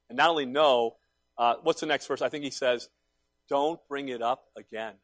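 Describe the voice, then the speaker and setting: A man's voice: a little fast, no room sound. Emphatic preaching pastor, man. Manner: swings between loud emphatic calls and quiet low asides; acts out quoted voices in his preaching. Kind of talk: sermon.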